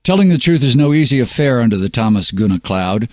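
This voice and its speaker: A man's voice: mid-range voice, expressive, fast talker, no echo, clean studio sound. Sardonic man reading a monologue. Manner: sardonic, preachy delivery. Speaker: host.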